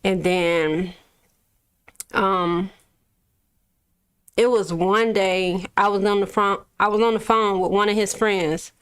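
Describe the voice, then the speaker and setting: A young adult woman from Florida, a recording artist telling her story in a relaxed, casual interview, laughing often and swearing freely. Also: medium pitch, slow, pauses often, smooth.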